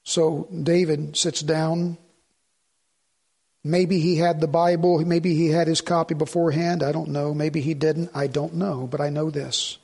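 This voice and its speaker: A male pastor delivers a sermon in a gravelly, husky voice pitched a little high. He tells his stories animatedly and acts out both sides of the conversations he recounts. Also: unhurried. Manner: animated storytelling, acting out dialogue.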